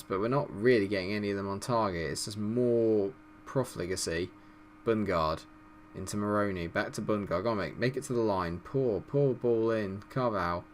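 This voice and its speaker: A man doing live commentary over a football management game, exasperated and swearing, swinging from low mutters to loud outbursts. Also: normal speed, a little hiss or hum. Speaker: gaming commentator.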